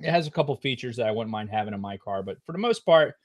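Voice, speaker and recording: A middle-aged man co-hosting a podcast, telling a long story in a casual, profane way with loud outbursts. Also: medium pitch, animated, fast talker. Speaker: podcast co-host.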